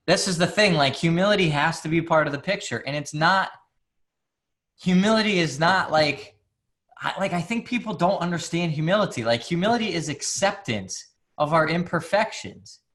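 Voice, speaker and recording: A man's voice: a little high, expressive, normal speed, a bit bright. A man who works as a psychologist, talking candidly in a casual conversation, full of restarts and "like". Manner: candid, filler-heavy, many restarts and "like".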